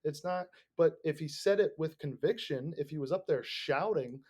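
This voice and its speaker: A young man hosting a podcast, rambling in casual, profanity-laden talk that swings between mumbled asides and loud bursts. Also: a little high, moderate pace, breathy edge. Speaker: podcast host.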